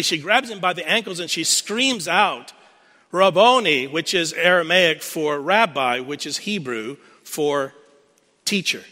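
In a large hall with long reverb, a pastor with a fairly high, bright, forceful voice preaches a sermon. He retells a scripture scene as a story, repeating key phrases for emphasis.

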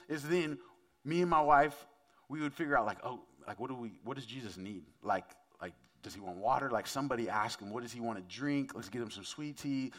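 With a fairly bright, medium-pitched voice, this male pastor delivers his sermon conversationally and informally. He frequently asks the audience questions as he goes.

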